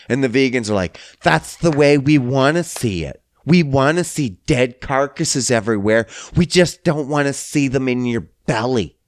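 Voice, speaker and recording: Man, fairly high voice, ranting and cursing with big swings in pitch, dry sound. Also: no room sound. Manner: heated, blunt, swears a lot. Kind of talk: profane ranting monologue.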